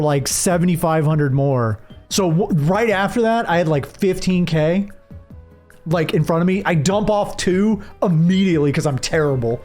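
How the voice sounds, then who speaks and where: Young man, streamer, rambling casual story, animated, lots of restarts. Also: high-pitched. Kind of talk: casual storytelling while gaming.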